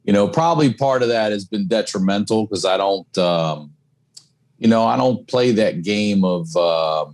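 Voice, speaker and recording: A man's voice: lowish voice, moderate pace, a little mellow. A man guesting on a podcast, talking candidly in casual chat and swearing freely. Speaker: comedian and single dad.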